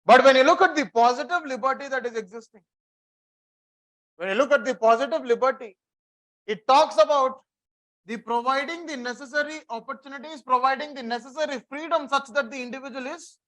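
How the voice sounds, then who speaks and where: Indian teacher lecturing and dictating. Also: male voice, very high-pitched, fairly quick, a bit bright. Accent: Indian English. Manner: repeats key phrases for dictation, quizzes the class. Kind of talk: classroom lecture.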